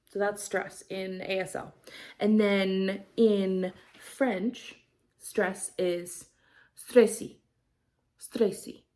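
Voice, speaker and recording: A woman's voice: medium pitch, level tone, extremely slow, darkish tone. A young woman chatting casually in her craft vlog, rambling with lots of fillers. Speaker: cross-stitch vlogger. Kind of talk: casual chat.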